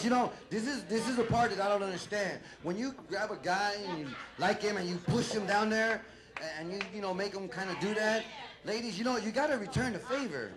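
A male stand-up comedian, doing a crude, rambling set full of swearing and acted-out bits, on a club stage with a handheld mic. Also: sits high. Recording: loud crowd laughter and room noise.

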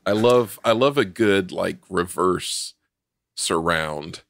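Man, very deep voice, gravelly, enthusiastic film chat, dry sound. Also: slow, fairly bright tone, dry recording. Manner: enthusiastic, gushing about favorite moments. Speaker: podcast co-host. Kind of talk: casual film discussion.

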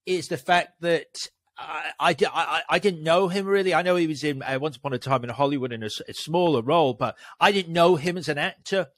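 A man's voice: a little high, quick pace, few pauses, no room sound. A man hosting a film podcast, asking questions with frequent stammers and repeated words. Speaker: podcast host. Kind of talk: interview chat.

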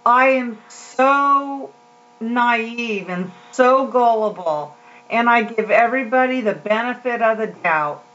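A woman's voice: on the high side, slow pace, a bit bright, highs cut off. A woman giving a casual, heartfelt devotional talk to her viewers, rambling with many fillers and restarts. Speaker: Christian vlogger.

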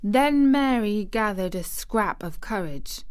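Woman, audiobook narrator, slow, measured, gentle, mid-pitched. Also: smooth.

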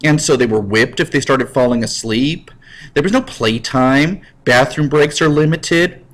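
A man's voice: mid-range voice, measured pace, a bit bright, poor audio. A man teaching a history lecture in a casual, jokey way, acting out little scenes. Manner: jokey, acts out scenes in voices. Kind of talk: recorded classroom lecture.

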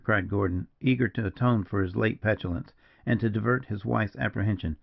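A male audiobook narrator with a low, gravelly voice, reading in a measured, steady way. The sound is lo-fi and somewhat dull. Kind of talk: scripted narration.

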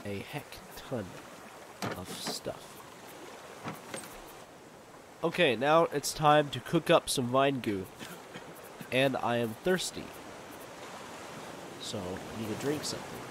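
A man talks through a survival video game while he plays, rambling and thinking out loud with plenty of fillers. His pitch is ordinary for a man, and he speaks at a slow, easy pace. Faint noise runs behind him. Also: lively intonation. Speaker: gamer. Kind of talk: let's play game commentary.

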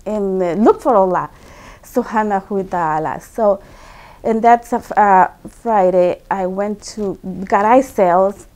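A woman's voice: mid-range voice, unhurried, a little mellow. Earnest woman in simple non-native English. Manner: earnest and emotional, repeats words for emphasis. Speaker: guest telling her conversion story. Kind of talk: personal testimony storytelling.

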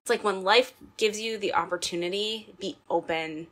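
A woman's voice: medium pitch, moderate pace, a bit bright. A woman co-hosting a casual podcast chat, reflective and encouraging, often chiming in to agree. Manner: affirming, reflective, many "yeah"s. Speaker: podcast co-host.

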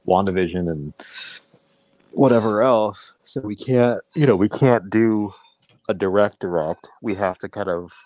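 On this casual movie podcast, the co-host's voice sits on the low side and keeps a measured pace, with slight background noise. He's profane and excitable, and he keeps abandoning and restarting his sentences.

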